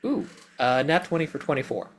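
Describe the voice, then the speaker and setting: A man's voice: mid-range voice, lively intonation, brisk, husky. A man playing a tabletop game, hesitant, thinking aloud with many ums. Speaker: player.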